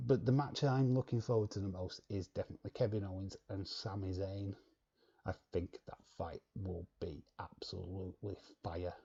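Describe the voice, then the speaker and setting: A man's voice: on the low side, gravelly, mellow, slightly rough, muffled recording. Laid-back man streaming. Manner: chatty, blunt, laughs often. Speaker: live stream host. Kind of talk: casual chat reading viewer comments.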